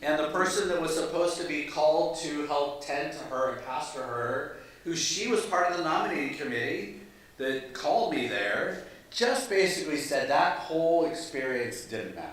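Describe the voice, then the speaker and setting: A man's voice: a little high, expressive, moderate pace, fairly bright tone. A man, a pastor, telling a humorous story at a church meeting, self-deprecating and chuckling through asides. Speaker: pastor and guest speaker. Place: large meeting hall. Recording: very echoey hall.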